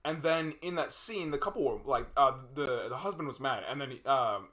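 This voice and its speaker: A man's voice: medium pitch, lively intonation, normal speed, fairly bright tone. A young man co-hosting a podcast, casually retelling film scenes in a rambling way with many fillers and restarts. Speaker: podcast co-host.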